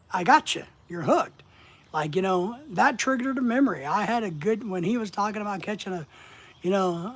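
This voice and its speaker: A man hosting a casual live stream, talking to viewers and repeating words for emphasis. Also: sits high.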